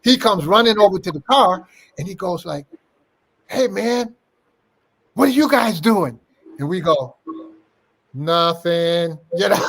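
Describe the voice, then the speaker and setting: An older man recalling old times in an interview, his voice sitting a bit higher than most men's. He is a lively storyteller who slips into the voices of the people he quotes. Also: slight background noise. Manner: animated anecdote-teller, acting out quoted dialogue. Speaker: interview guest.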